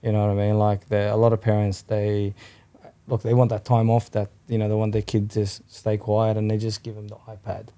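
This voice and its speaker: A man's voice: on the low side, monotone, fairly quick, warm tone. A man from Australia, a podcast guest, rambling in casual chat and swearing freely as he keeps checking "you know what I mean.".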